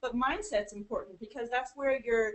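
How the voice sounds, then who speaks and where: A woman's voice: a little high, moderate pace, a bit bright. A woman hosting an interview, responding to her guest in an affirming way. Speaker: interview host. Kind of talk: interview wrap-up. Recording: echoey room.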